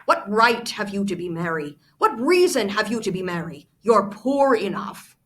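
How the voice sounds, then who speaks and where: A woman's voice: mid-range voice, very animated, moderate pace. A woman voicing a bitter old miser. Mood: scornful. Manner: scornful, sharp outbursts.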